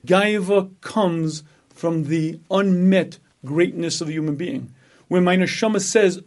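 A rabbi giving a Torah lecture, speaking emphatically, asking rhetorical questions and repeating phrases for effect. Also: male voice, high-pitched, measured pace. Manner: acts out an inner voice in dialogue.

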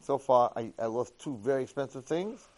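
A man giving a Torah lecture who tells a lively first-person story. He acts out the dialogue and swings between hushed and loud delivery. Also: medium pitch, normal speed.

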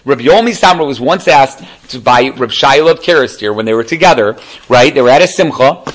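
A man teaching a religious class in a relaxed, conversational way. He tells stories with animated emphasis and keeps turning to his listeners for agreement. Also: mid-range voice, a little fast, poor audio. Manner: chatty, animated, checks in with listeners. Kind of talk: casual storytelling lesson.

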